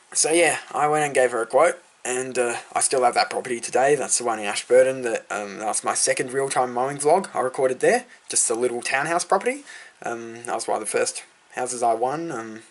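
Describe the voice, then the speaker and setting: A man's voice: mid-range voice, vocal fry. A teenage boy with an Australian accent chatting casually about starting his lawn care business, rambling and full of fillers. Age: teens. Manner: rambling, filler-heavy, easily sidetracked. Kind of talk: casual storytelling vlog.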